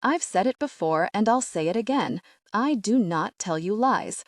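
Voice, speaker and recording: A woman's voice: medium pitch, lively intonation, normal speed, dry recording, clean studio sound, lightly acted. A woman voicing a cocky young male thief in an audiobook, with playful, teasing banter.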